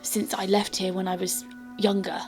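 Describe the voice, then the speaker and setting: A woman's voice: mid-range voice, monotone, moderate pace, a little mellow, soft background music, natural voice. A woman voicing a young nobleman heir who speaks politely and hesitantly, with frequent stammers.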